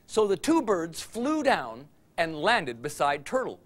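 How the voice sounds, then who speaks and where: A man telling a story for all ages in an animated way, chuckling along with the tale. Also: high voice, normal speed, few pauses.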